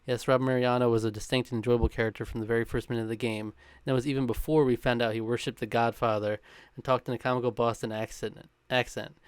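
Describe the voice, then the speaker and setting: A man's voice: mid-range voice, level tone, smooth, no room sound. A man co-hosting a podcast, reading a countdown script with a chuckle now and then, mixed with casual chat. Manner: brisk, chuckling between lines.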